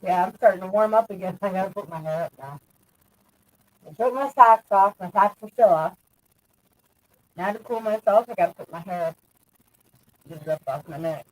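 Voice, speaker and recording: A woman's voice: medium pitch, normal speed, long pauses, a little mellow, a little hiss or hum, rough recording. A woman in her thirties chatting casually on a stream, rambling through stories, swearing and laughing often. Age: 30s. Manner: laughing, crude, rambling storyteller. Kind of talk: casual group chat.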